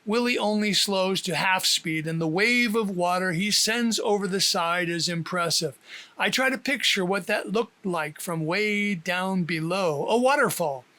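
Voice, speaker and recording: A man narrating his own book aloud as an audiobook, telling the story in a lively, expressive way. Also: high-pitched, measured pace.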